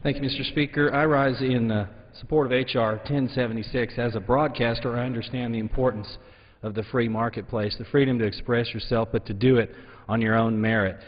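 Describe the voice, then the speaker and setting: A man giving an earnest, measured floor speech in a legislative chamber. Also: mid-range voice, steady tone. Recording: dull broadcast audio in a long-reverb chamber.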